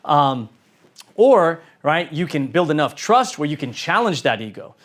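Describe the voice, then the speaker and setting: A man's voice: a little high, sing-song, unhurried, a bit bright. A man giving an earnest motivational talk about his years as an entrepreneur, speaking in repeated lists and full of fillers. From United States. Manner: earnest and emphatic, with many fillers and repeated phrases; speaks in lists and emphatic repetition. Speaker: entrepreneur sharing lessons.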